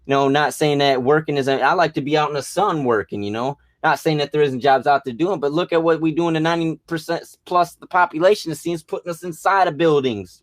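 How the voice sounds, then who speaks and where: A man with a somewhat high voice rants in a loose, rambling way, swearing freely and restarting his sentences as he gets worked up. The recording is close and dry, with no room sound around him. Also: no room sound. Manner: rambling, profane, agitated, with restarts. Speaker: vlogger. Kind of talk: rambling conspiracy rant.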